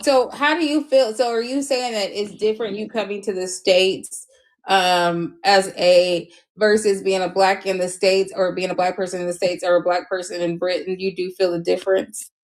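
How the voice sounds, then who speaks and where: A woman's voice: medium pitch, steady tone, normal speed. Chatty woman asking questions on stream. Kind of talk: casual livestream chat.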